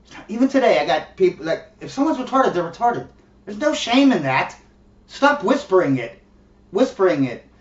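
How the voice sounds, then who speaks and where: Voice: medium pitch, very animated, moderate pace. A vlogger in a blunt, profane, mocking rant, often laughing. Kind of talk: ranting monologue. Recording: distant, roomy, dull lo-fi sound.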